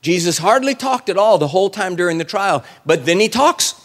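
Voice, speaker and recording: A man giving a sermon as a guest preacher, telling the story in a colloquial, humorous way and acting out the voices of the people in it. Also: fairly quick. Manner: animated storytelling, acts out voices with big pitch swings.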